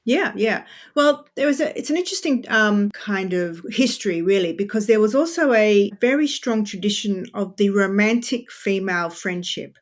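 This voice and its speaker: A woman author, a podcast guest, explaining history in a chatty, animated way with frequent asides. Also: medium pitch, normal speed, few pauses. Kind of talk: podcast interview.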